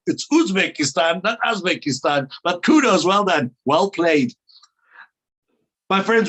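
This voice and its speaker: A man's voice: high-pitched, fairly bright tone. A South African man leading an online training call, greeting attendees with playful, upbeat banter over a video call.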